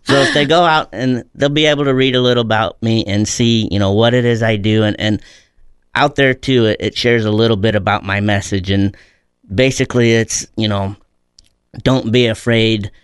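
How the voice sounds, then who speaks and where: A man's voice: lowish voice, moderate pace, smooth, no room sound, studio quality. A middle-aged man, a guest in a conversational interview, telling stories in an earnest, reflective way.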